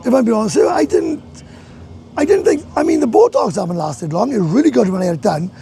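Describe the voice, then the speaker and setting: A man's voice: extremely high pitch, big pitch swings, fast, gravelly, mellow, slight background noise. A Welsh man chatting on a casual live stream from a bar, rambling and swearing, laughing often. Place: bar in a hot tourist town.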